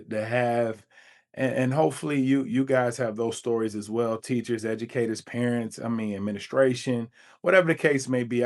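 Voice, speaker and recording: Man, teacher podcast co-host, medium-pitched voice, reflective casual talk, video call. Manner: reflective, acts out quotes with a jump in pitch. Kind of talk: casual chat.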